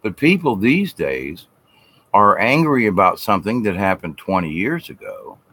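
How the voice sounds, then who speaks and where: A man's voice: lowish voice, a bit bright. A middle-aged man vlogging a rambling, folksy, preachy spiritual monologue, now and then mimicking people in mocking voices.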